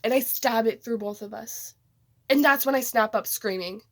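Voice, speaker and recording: A woman's voice: fairly high pitch, normal speed. A woman vlogger telling a story in a casual, rambling way, saying "like" a lot. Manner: rambling, heavy use of "like".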